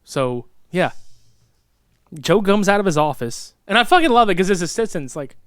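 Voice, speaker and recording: A man's voice: sits high, normal speed, clear, resonant tone, dry recording, studio quality. A man in his thirties co-hosting a podcast, reviewing a film in casual, profane chat and acting out its scenes. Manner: excitable, swearing, acts out movie lines. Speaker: podcast co-host.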